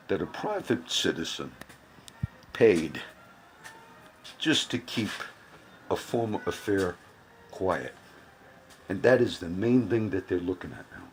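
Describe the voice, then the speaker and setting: Deep-voiced man rambling on politics. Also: slight background noise. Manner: rambling, repeats phrases for emphasis. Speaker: political commentator. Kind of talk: casual political commentary vlog.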